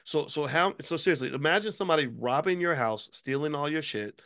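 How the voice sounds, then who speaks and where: A man's voice: on the high side, fairly quick, a bit bright. A man hosting a commentary video who fires off angry rhetorical questions and curses freely. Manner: promotional plugging. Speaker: host, finance commentator.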